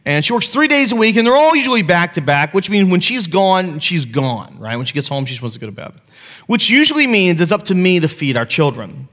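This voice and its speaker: In a church sanctuary with a long hall reverb, a pastor in his thirties preaches to his congregation on a handheld mic. His voice sits high and sing-song, fairly quick and fairly bright. He keeps it casual and conversational, poking fun at himself as he tells family stories.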